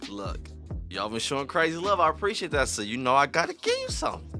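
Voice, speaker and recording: A man hosting a reaction video, talking in an animated, slangy, excitable way. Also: a little high, fast talker, over music. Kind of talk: casual reaction commentary.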